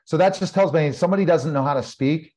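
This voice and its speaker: A middle-aged man tells stories with emphatic repetition and animated energy. His voice sits somewhat high for a man, and he hammers his points home. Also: quick pace. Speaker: guest, former pro wrestler. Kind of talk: casual interview storytelling.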